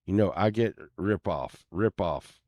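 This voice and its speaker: A deep-voiced man with a drawl talks slowly and loosely to his viewers, muttering asides and the odd curse. The sound is close and dry with no room around it. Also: a little mellow, no echo. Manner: laid-back, mumbling, muttered asides and cursing. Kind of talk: casual chat to viewers while browsing listings.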